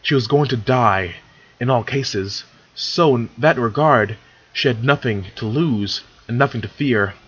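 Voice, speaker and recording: A man's voice: mid-range voice, unhurried, slightly rough, dull audio. A man casually reading fan fiction aloud, stumbling over words and correcting himself as he goes. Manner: stumbling, self-correcting, chatty asides. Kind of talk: casual read-along narration.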